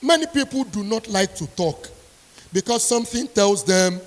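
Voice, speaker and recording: A woman's voice: mid-range voice, lively intonation, normal speed. A woman delivers a motivational speech as a strict university lecturer. She is emphatic and repeats her key points for weight. Her voice rings with the long reverb of a large hall.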